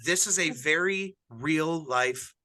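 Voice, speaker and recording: Middle-aged pastor guy hosting a podcast, fairly high and really bright voice, earnest, keeps restarting sentences. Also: slow pace. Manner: earnest, rambling with frequent restarts. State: widowed, grieving. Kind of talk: casual podcast chat.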